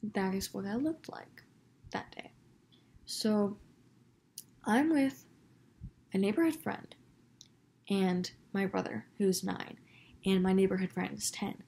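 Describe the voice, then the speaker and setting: A woman's voice: medium pitch, lively intonation, vocal fry, a little mellow. A teenage girl vlogger telling a story to camera in a chatty, casual way. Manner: chatty, quick, quotes people with put-on voices.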